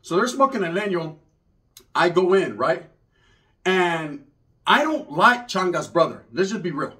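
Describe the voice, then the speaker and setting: High-voiced man telling a comic story. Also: animated, measured pace, sharp tone. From Northern California. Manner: loose, slangy, conversational delivery. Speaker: comedian.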